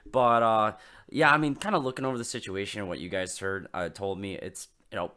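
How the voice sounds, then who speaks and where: A man's voice: on the low side, steady tone, brisk, pushed and bright. A man co-hosting a podcast in casual chat, laid-back, profane and self-mocking. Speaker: podcast co-host.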